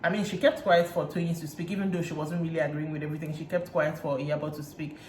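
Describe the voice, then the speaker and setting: A Nigerian woman recapping reality TV in a chatty way, retelling scenes with lively asides. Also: deep voice, fast. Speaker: reality TV reviewer. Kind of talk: casual recap chat. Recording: roomy room echo, faint hiss.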